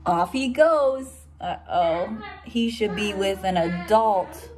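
A teacher reading a picture book aloud to young children, pausing to explain words and point at the pictures. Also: female voice, mid-range voice, a little mellow, slight background noise.

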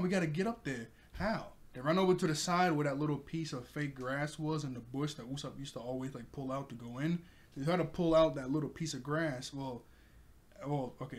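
A man casually recapping an anime episode. He laughs often and keeps correcting himself as he goes. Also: mid-range voice. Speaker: anime reviewer.

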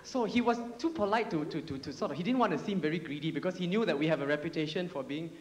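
A man's voice: on the high side, fast, reverberant. A man with a Singaporean accent gives a chatty comic stage monologue to an audience, telling the story with plenty of filler words. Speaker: stage entertainer.

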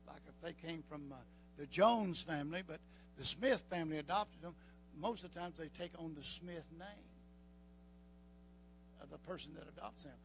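High-pitched Southern preacher, folksy drawl. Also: male voice, a bit bright, slight background noise, low-quality recording. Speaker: pastor. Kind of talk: sermon.

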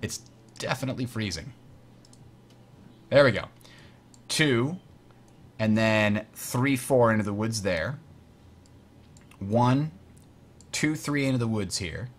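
A man hosting a board game tutorial, explaining rules in a chatty way and muttering while he works the software. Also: on the low side, lively intonation, slow pace, pauses often. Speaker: host teaching a board game. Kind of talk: casual tutorial over online play.

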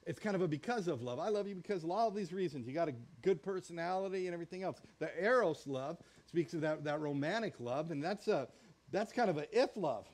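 A man's voice: sits high, darkish tone. A man preaching a sermon as pastor, folksy and joking, acting out little quotes as he teaches.

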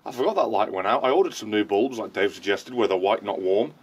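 A man chatting and joking loudly while moving heavy furniture, swearing and exclaiming often, a little out of breath. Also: lowish voice, lively intonation, quick pace, muffled recording, music in the background. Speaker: vlogger. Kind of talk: casual chat while doing heavy lifting.

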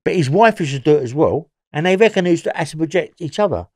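A man's voice: on the high side, animated, fast, darkish tone, no room sound, clean studio sound. A man, a former prisoner telling rambling stories in an interview, swearing and laughing as he goes. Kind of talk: storytelling interview.

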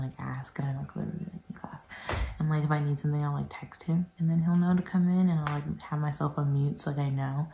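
A young woman speaks in a hushed, whispered casual chat, her voice low and gravelly. Her tone is dark and mellow, and she fills her talk with fillers. The room around her gives the whisper a roomy echo. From New York. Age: young adult. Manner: whispering, chatty, many fillers. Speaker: health educator. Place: bedroom at home.

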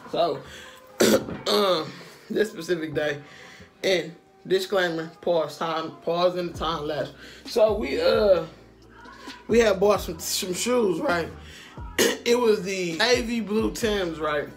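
A man's voice: sits high, takes it slowly, pauses often. A man telling a personal story in a casual vlog, slangy and profane, often turning to the listener to ask if they follow. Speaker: storytime vlogger.

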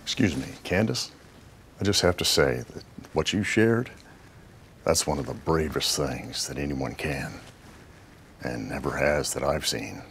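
A gravelly sergeant major. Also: male voice, rumbling low, a little slow, pauses often, slight background noise, full character voice. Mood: encouraging. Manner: gentle, encouraging. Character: supportive older male sergeant major living with PTSD.

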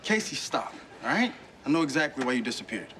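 A man playing a calm, earnest young man. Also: mid-range voice, quick pace, noisy background, lightly acted. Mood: sincere. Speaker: high school senior, her date. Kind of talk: sitcom acting.

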